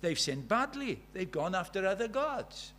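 A man with a South Welsh accent preaching a sermon, earnest, moving from loud emphasis to hushed storytelling. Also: high-pitched, big pitch swings, normal speed. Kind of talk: sermon with personal stories.

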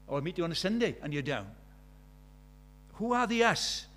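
A man's voice: sits high, expressive, moderate pace, fairly bright tone. An older man, preaching a sermon in a conversational way, full of rhetorical questions.

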